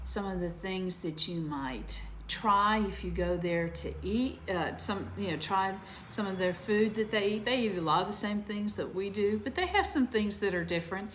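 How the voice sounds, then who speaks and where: A woman teaching young children, gentle and sing-song, often asking them questions. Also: mid-range voice, expressive, moderate pace, few pauses, a little hiss or hum.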